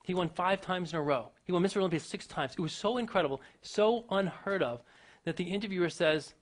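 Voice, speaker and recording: Fast-talking, emphatic motivational speaker man. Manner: emphatic, rhetorical questions, big swings in pitch and loudness. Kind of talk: motivational talk to an audience.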